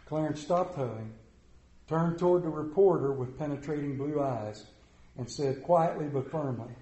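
A pastor delivers a sermon in a church sanctuary with a slightly high, mellow voice. He builds his storytelling to loud peaks and then drops to a quiet, gentle pulpit tone. The room carries a clear echo around him. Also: measured pace.

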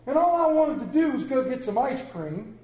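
A man's voice: extremely high pitch, sing-song, normal speed, darkish tone. A man preaching a sermon, telling folksy, exaggerated stories in a church. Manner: folksy storytelling with comic exaggeration. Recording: echoey room.

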